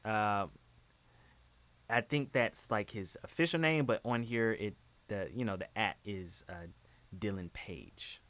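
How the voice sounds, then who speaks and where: A man hosting a live-stream show, talking in an animated, emphatic way with many restarts and fillers. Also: on the low side, takes it slowly, no room sound. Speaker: show host. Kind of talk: casual live-stream commentary.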